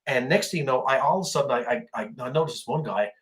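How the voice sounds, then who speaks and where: A man's voice: medium pitch, animated, quick pace. A man from Canada co-hosting a veterans' podcast, telling a story from his deployment. He rambles, repeats himself and restarts his sentences, with plenty of fillers along the way. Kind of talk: casual storytelling chat.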